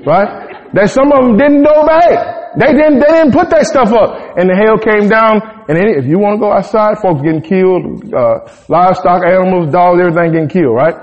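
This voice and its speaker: High-voiced preacher, echoey hall. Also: male voice. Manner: humorous, animated, slangy retelling. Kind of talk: folksy sermon storytelling. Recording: dull sound in a reverberant hall.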